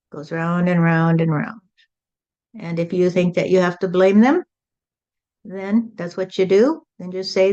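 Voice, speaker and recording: A woman medium giving calm, repetitive channeled spiritual teaching, often adding "you see". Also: lowish voice, highs cut off.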